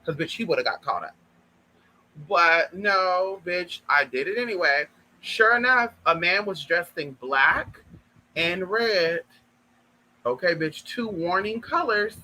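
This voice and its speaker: A man telling a personal story to viewers in an animated, profane way, often calling them girl and y'all. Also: high-pitched, a little hiss or hum, rough recording. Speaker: vlogger. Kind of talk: casual storytime monologue.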